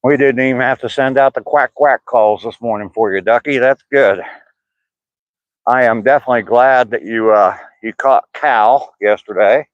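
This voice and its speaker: A man's voice: medium pitch, normal speed, no echo, narrow, tinny audio. An older man chatting casually with live chat viewers by name on an outdoor walk, mentioning his sore hip. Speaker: vlogger reading live chat.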